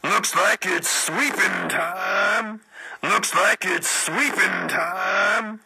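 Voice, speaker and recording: A man voicing a manic living broom in a game, chanting in a slow, drawn-out sing-song with a harsh, shrill, gravelly voice. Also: sharp tone, no echo, full character voice. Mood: gleeful. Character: living broom, manic sweeping janitor thing.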